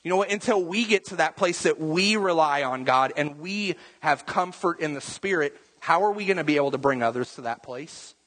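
Male preacher, slightly high voice, conversational sermon, repeats words, acts out quotes, long reverb. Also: animated, fairly quick, hardly any pauses, a bit bright.

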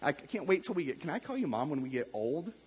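Casual male pastor, husky tone, conversational sermon with acted-out asides, long hall reverb. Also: fairly high pitch, big pitch swings, fast, darkish tone. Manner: casual, conversational, acts out quotes.

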